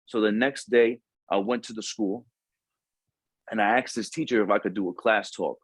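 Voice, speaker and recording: A man's voice: on the low side, steady tone, normal speed, slightly rough, no room sound. A young adult man, a Marine recruiter, telling a story in a casual podcast chat, slangy and profane, and acting out the voices of the people he quotes.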